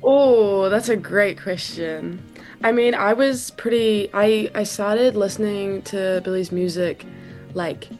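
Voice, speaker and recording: A young woman, a musician guest in a casual radio interview, soft-spoken and loose, with lots of fillers. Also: medium pitch, takes it slowly, faint music behind.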